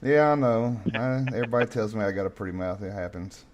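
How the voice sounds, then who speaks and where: A man with a Southern US accent from North Carolina, hosting a casual profane podcast chat, telling stories loudly and laughing often. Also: fairly low pitch, quick pace, lo-fi sound, background noise. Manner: loud, laughing, drawling storyteller. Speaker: host.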